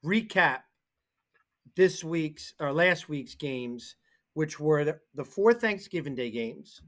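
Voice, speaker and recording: Animated high-voiced sports show host. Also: male voice, takes it slowly. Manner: animated storyteller who acts out the people he quotes. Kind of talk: casual sports talk.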